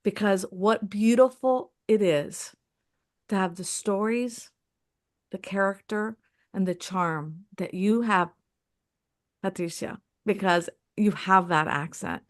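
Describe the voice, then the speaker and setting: A woman's voice: mid-range voice, slow. A woman with a Southern American accent from Mississippi, hosting a panel discussion in an effusive manner. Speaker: host.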